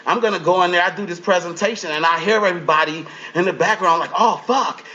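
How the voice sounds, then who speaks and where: A man who was a reality show contestant, telling profane, animated stories in a casual interview. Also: sits high, quick pace, lo-fi sound. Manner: animated storytelling, profane, acts out quotes.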